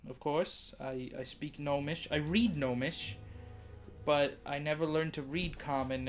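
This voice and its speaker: A man's voice: medium pitch, lightly acted. A man voicing a shy, stammering young woman. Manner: hesitant, stammering.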